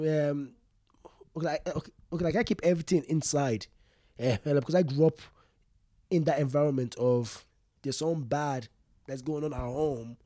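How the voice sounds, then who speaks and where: A young man, a comedian speaking candidly in an interview, halting and repeating himself, often laughing. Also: on the high side, dark tone, no room sound, clean studio sound. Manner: halting, repeats words, frequent "you get me", laughs often. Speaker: stand-up comedian, guest.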